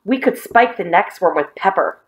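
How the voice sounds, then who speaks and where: A woman reading aloud, voicing an excitable, dramatic schoolboy with high, overacted sneezes. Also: normal speed, lightly acted. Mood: scheming.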